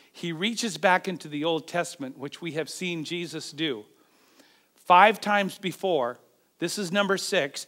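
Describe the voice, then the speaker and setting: A man preaches a sermon from the pulpit, his voice pitched high and ringing bright. He is dramatic, rising and falling sharply in pitch and volume as he acts out the voices in the scripture. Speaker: pastor.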